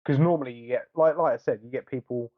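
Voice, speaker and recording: A man's voice: mid-range voice, fast talker, no room sound. A man co-hosting a podcast who talks casually and rambles, with many restarts. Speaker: podcast co-host. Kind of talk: casual chat. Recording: dull lo-fi podcast audio.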